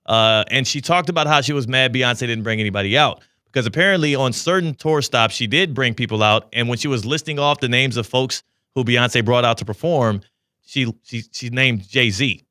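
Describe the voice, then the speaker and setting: A man's voice: mid-range voice, normal speed, pushed and bright, no echo. A man hosting a sports radio show, chatting and bantering casually with his co-hosts in a studio.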